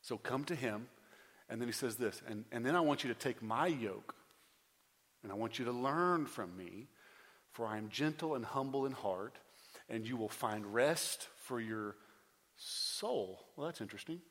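A man in his thirties delivers an earnest sermon from the pulpit, repeating and restarting phrases as he builds to loud, emphatic pleas. His voice sits at a middle pitch and carries a long reverb from a large hall. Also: expressive, normal speed. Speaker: pastor.

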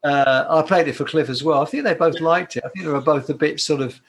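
A man's voice: a little high, fast, a little hiss or hum. Chatty older man telling stories. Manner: warm, chatty, with frequent restarts. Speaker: guitarist and performer, interview guest. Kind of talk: casual anecdotal storytelling.

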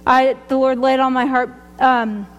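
A woman's voice: sits high, flat delivery, measured pace, clear, resonant tone, big-room sound, dull audio. A woman sharing a personal faith testimony, rambling and chatty, often laughing at herself. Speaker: speaker giving a testimony.

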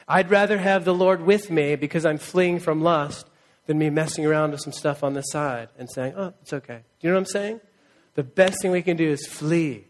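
A man's voice: fairly high pitch, moderate pace. A man in his thirties preaching a conversational sermon, earnest, often asking the congregation for a reply. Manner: conversational, earnest, asks the crowd for replies. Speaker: pastor.

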